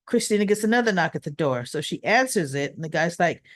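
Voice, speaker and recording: A woman's voice: fairly low pitch, expressive, fast talker, no room sound, clean studio sound. A woman casually recapping a soap opera episode, retelling scenes in her own words and paraphrasing what the characters say, with lots of fillers and restarts. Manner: chatty, with frequent fillers and restarts.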